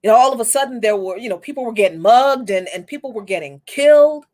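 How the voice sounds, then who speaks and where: Host, woman in her forties, fairly high voice, candid reflective storytelling, swears casually. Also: expressive, fast talker, darkish tone. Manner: reflective, candid, with frequent restarts and casual profanity. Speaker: podcast host. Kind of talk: personal storytelling monologue.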